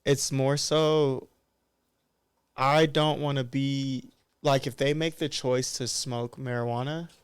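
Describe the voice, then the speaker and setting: A man's voice: mid-range voice, fairly even intonation, slow pace, clean tone, no echo. A man in his thirties, a barber guest on a podcast, talking in a candid, loose and reflective way. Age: 30s. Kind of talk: casual podcast conversation.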